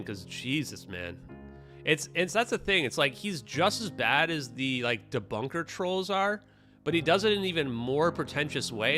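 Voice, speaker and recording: A man's voice: fairly high pitch, pushed and bright. A man hosting a livestream, ranting in a casual, profane, dismissive way and talking straight to his chat. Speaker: livestream host. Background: synthwave music.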